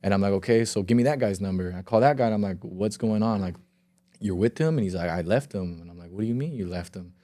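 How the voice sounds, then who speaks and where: A young man with a fairly low voice, speaking as a podcast guest. His tone is dark and mellow, and the recording is dry and close. He rambles through his story with filler words, acts out quoted dialogue and swears freely. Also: fast talker, dry recording. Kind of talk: casual storytelling. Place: podcast studio.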